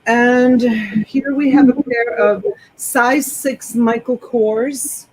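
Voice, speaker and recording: A woman's voice: fairly high pitch, steady tone, slow, a little mellow, husky, poor audio. A woman hosting a live selling stream, chatting enthusiastically as she describes each clothing item. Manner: enthusiastic, rambling product descriptions. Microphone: desktop USB microphone.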